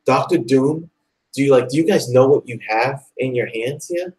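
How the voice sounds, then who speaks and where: A man hosting a live online talk show, chatting excitedly and rambling, with lots of "like" and "dude". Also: medium pitch, moderate pace, low-quality recording. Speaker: host. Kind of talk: casual chat.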